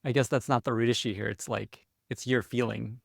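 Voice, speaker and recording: A man hosting a podcast, asking quick summarizing questions of his guest. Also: mid-range voice, steady tone, vocal fry, no room sound, studio quality. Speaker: podcast host. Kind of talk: podcast interview.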